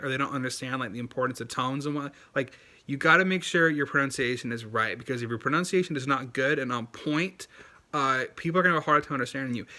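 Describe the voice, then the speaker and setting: A man's voice: fairly high pitch, sharp tone. A man talking casually in a language-learning video, chatty and loose with lots of fillers, and earnest as he stresses his points. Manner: earnest and emphatic, repeating key points.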